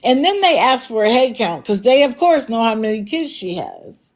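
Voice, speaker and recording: A woman's voice: on the high side, very animated, normal speed. Blunt, scolding woman livestream host. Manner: blunt, scolding, sarcastic rhetorical questions. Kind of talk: commentary livestream.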